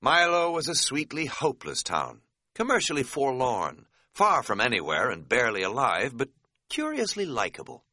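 A man giving a wry, measured first-person audiobook narration. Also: mid-range voice, huge pitch swings, pushed and bright, dry recording, studio quality.

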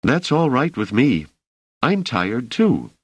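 A calm, capable young woman from a storybook reading, speaking plainly and to the point, as a male narrator puts her on. Her voice sits noticeably higher than his usual deep tone, and it stays lively in pitch. The sound is close and completely dry. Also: takes it slowly, slightly rough, no echo, exaggerated voice. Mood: easygoing.

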